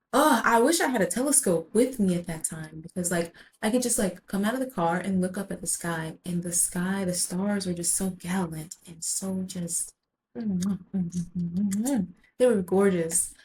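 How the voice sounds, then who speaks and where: A woman's voice: fairly low pitch, darkish tone, a little hiss or hum, poor audio. A woman vlogger telling a personal story in a rambling way, full of "like" and casual swearing.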